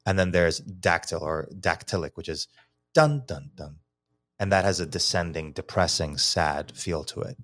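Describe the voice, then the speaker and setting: A man's voice: low voice, fairly even intonation, moderate pace, hardly any pauses, fairly bright tone, no room sound, studio quality. A man from New York, a teacher and psychology researcher, explaining poetry as a guest in a casual podcast interview, thinking aloud with many restarts.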